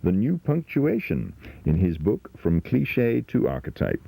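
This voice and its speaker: A man's voice: medium pitch, sing-song, measured pace, creaky, dark tone, a little hiss or hum, poor audio. A man giving scripted narration in a dry, formal manner.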